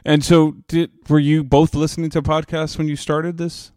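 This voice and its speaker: An American man hosts a casual podcast chat with a smooth, resonant voice. The sound is dry and close, with no room around it. He talks in an easygoing way and often stumbles and restarts his phrases. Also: on the high side, little pitch movement, normal speed, darkish tone, no room sound. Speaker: podcast host.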